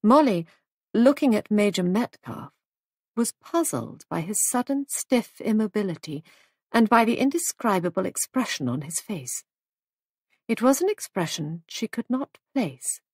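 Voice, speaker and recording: Woman, audiobook narrator, measured storytelling, dry close sound, raspy. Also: mid-range voice, sing-song, darkish tone, no echo.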